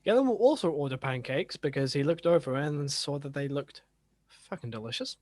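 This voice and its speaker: A man's voice: a little high, expressive, a little fast, darkish tone, no room sound. A man player narrating his character in a tabletop game, hesitant with many fillers. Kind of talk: tabletop role-play narration.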